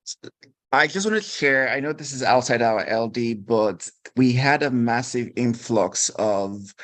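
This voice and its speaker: A man's voice: on the low side, poor audio. A man speaking up in a virtual meeting, earnest and a little hesitant, over a video call. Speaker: member.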